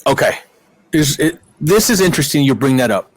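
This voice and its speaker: A middle-aged man, a guest in a casual interview, telling animated stories with plenty of fillers and acted-out quotes. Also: on the high side, brisk, a little hiss or hum. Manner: animated anecdotes with many fillers and quoted voices. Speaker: guest, wrestling promoter.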